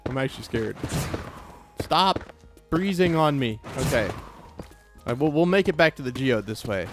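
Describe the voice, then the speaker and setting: A young man of ordinary pitch chats through his gameplay, cracking jokes and getting startled easily. He repeats phrases when flustered, with faint music underneath. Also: animated, normal speed, long pauses. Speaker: let's play gamer. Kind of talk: casual gameplay commentary.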